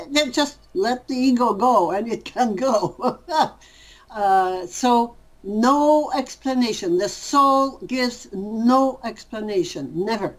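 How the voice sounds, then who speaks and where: A woman answering interview questions in a thoughtful way, pausing often to rephrase her words. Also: fairly high pitch, animated, poor audio.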